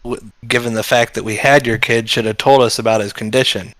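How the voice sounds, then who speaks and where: A man playing a tabletop game speaks earnestly, trying to calm others down. His voice sits at a middle pitch. The sound is dry and close. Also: fairly quick, no room sound. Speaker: player.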